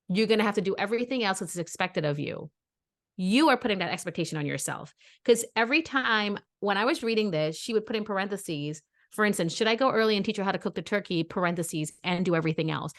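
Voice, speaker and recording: Blunt, opinionated woman podcast host. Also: mid-range voice. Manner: blunt, opinionated, animated storytelling. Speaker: mother. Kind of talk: casual chat.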